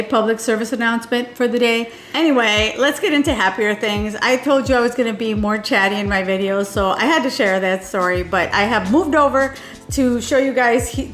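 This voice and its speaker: A woman's voice: fairly high pitch, fairly bright tone. A middle-aged woman telling a rambling story in a chatty vlog, with many restarts. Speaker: fashion vlogger. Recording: roomy echo.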